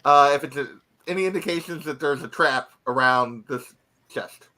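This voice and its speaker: A man's voice: fairly high pitch, moderate pace, sharp tone. A man taking part as a player in a tabletop game, chatty and often laughing. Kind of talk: casual tabletop game chat.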